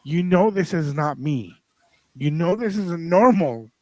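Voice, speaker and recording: A man's voice: fairly high pitch, lively intonation, unhurried, mellow, no room sound, rough recording. A man co-hosting a podcast, telling a family story in casual talk that mixes in Spanish phrases and acts out the people in it. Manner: switches between English and Spanish phrases. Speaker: podcast co-host.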